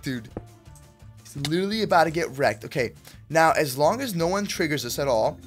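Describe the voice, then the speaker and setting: Excitable male gaming YouTuber, lively swooping delivery, slangy hype commentary. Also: a little high, brisk, soft background music. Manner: hyped, slangy, excitable, talks to viewers. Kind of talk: Minecraft gameplay commentary.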